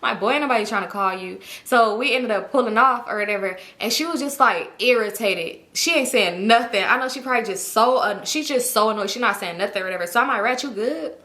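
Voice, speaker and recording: A young woman rattles through a casual storytime at speed, her voice bright and sharp. She is animated and slips into acted-out lines from other people. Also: a little high, quick pace, few pauses. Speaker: vlogger telling a story.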